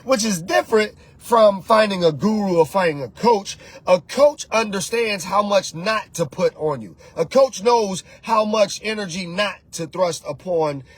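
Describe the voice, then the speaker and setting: Husky-voiced man giving a motivational talk. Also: high-pitched, unhurried, few pauses, no room sound. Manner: preachy, repetitive, conversational, urging the listener. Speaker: host and life coach. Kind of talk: motivational monologue.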